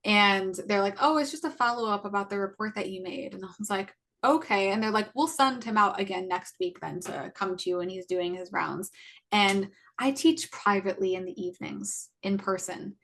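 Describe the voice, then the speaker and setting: A woman's voice: mid-range voice, normal speed, vocal fry, a bit bright. A woman in her twenties, a podcast co-host, casually recounting a personal story and acting out what people said to her. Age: 20s. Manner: retells events by acting out quoted exchanges; chatty, many likes and restarts.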